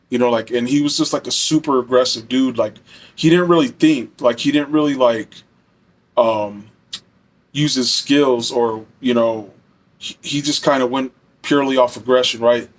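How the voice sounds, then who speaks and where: A young man telling a personal story in a casual, rambling way, full of fillers and swearing. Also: medium pitch. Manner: rambling, heavy fillers, profane.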